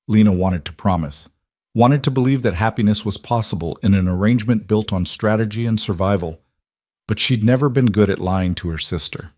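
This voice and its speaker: A man reads a dramatic story with a steady, measured delivery. His voice sits on the low side, and the recording is dry with no room sound. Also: no echo. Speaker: narrator. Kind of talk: scripted dramatic narration.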